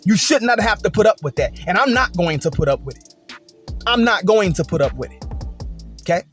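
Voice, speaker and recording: A man's voice: sits high, expressive, brisk, a bit bright, soft background music. A man telling a work story and giving his opinion in a casual, emphatic, repetitive way. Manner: emphatic, repetitive, conversational with frequent "et cetera" and "okay?". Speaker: commentator.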